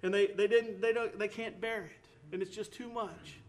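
High-voiced preacher man, earnest and emphatic. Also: steady tone, normal speed. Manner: repeats words and restarts phrases. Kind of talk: sermon.

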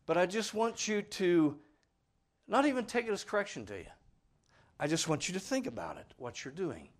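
Animated, folksy preacher man. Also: sits high, moderate pace. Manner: folksy, earnest, swings between loud stress and quiet asides. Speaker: father. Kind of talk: sermon.

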